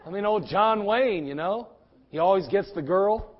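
A middle-aged male pastor preaching in a church with a noticeably high voice. He surges into fervent shouts, then drops to near-hushed confidences. The recording sounds dull and lo-fi. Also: animated, normal speed. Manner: impassioned preaching, swinging from shouts to hushed tones. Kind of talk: sermon.

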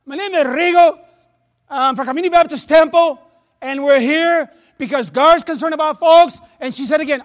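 High-voiced Spanish-accented man preaching. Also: normal speed. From Latin America. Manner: repeats words and restarts, laughs at himself, storytelling. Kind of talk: sermon. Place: church sanctuary.

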